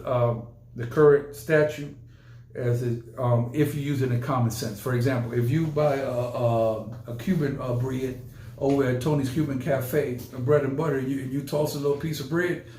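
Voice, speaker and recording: A man's voice: mid-range voice, darkish tone. A man hosting a podcast in casual chat, rambling and emphatic, often repeating his words. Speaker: podcast host. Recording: roomy echo.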